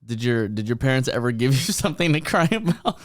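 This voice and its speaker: A man's voice: mid-range voice, sing-song, a little fast, no echo, studio quality. A young man co-hosting a podcast, joking and laid-back, heavy on slang. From Filipino-American family. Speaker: podcast co-host. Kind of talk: casual chat.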